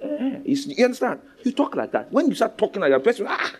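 Lively Nigerian preacher, commanding. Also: male voice, fast. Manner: animated, commanding, swings between loud exhortation and low asides; drops into pidgin asides and call-and-response with the congregation. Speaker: pastor. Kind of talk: sermon.

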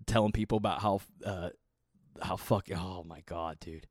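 A man's voice: low voice, steady tone, moderate pace, husky, no echo, studio quality. A man in his thirties ranting casually and profanely as a podcast host, rambling and exasperated. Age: 30s.

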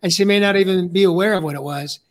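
An older man, a life coach, talking earnestly in casual conversation, halting with fillers. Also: high voice.

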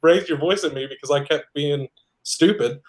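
A man's voice: fairly high pitch, moderate pace. Blunt, chatty man who laughs often. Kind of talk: casual chat.

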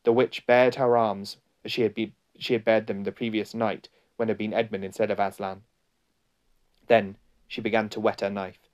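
A man reading a storybook aloud in a slow, deliberate and dramatic narration. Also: on the low side, flat delivery, darkish tone, highs cut off. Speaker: audiobook narrator.

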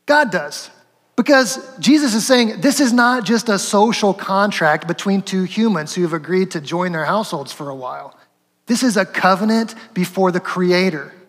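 A man's voice: high voice, fairly bright tone, in a large hall. A man preaching a sermon as pastor, conversational and asking the congregation questions.

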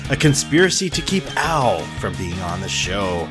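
A man's voice: on the low side, sing-song, normal speed, over music. Joking male podcast host. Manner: joking, laughs often. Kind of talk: casual podcast chat.

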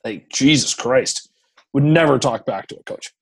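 A man in his thirties, a hockey goaltender, telling stories as a podcast guest in an animated, profane, rambling way. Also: mid-range voice, normal speed, a little hiss or hum. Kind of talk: casual podcast storytelling.

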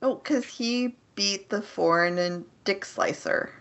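A woman's voice: medium pitch, takes it slowly, fairly bright tone. A woman co-hosting a casual anime podcast, chiming in playfully. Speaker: podcast co-host. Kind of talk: casual anime review chat.

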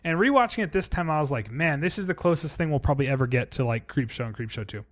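Animated man chatting horror films. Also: a little high, quick pace. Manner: animated, profane, opinionated film enthusiast. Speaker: podcast co-host. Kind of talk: casual chat.

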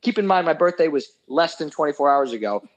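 Ranting young man, slightly high voice. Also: expressive, fast talker, muffled recording. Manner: heated, profane ranting. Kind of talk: casual storytelling chat.

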